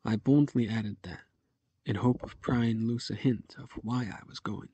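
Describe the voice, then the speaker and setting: A man reading a novel aloud in a measured first-person narration. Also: medium pitch, dark tone, husky, no echo, lo-fi sound. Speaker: audiobook narrator.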